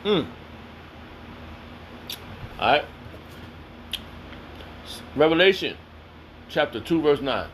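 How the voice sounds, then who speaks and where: A man's voice: fairly high pitch, very animated, extremely slow, pauses often, fairly bright tone, slight background noise. A man reading scripture aloud and commenting on it in a heated, confrontational, slangy way. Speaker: self-styled preacher.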